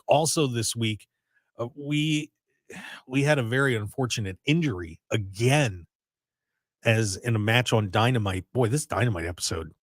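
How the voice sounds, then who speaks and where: Male radio host, mid pitch, lively swings in his voice, dry close mic, teasing and chatty. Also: no room sound. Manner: lively, teasing, animated storytelling. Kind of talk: casual radio chat.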